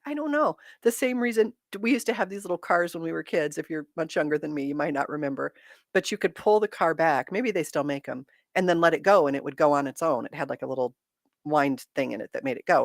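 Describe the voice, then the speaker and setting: Woman in her fifties, livestream host, chatty storyteller who laughs a lot, lower voice, dry close sound. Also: no room sound. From Michigan. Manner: laughs often while telling stories. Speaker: livestream host reading chat. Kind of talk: casual chat.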